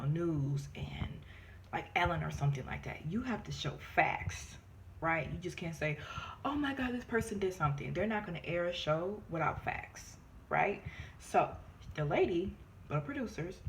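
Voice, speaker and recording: A woman vlogs casually, telling her story with animated flair. Her voice sits low, and she often jumps up high to mimic others or drops to a near-whisper for asides. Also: a little hiss or hum. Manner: animated, acts out quoted voices in high pitch. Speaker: vlogger.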